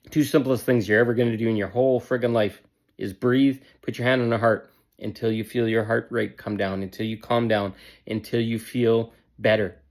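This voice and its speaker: A man's voice: mid-range voice, gravelly, a little mellow. A man giving a motivational self-help talk in an emphatic, repetitive and blunt way, with casual swearing.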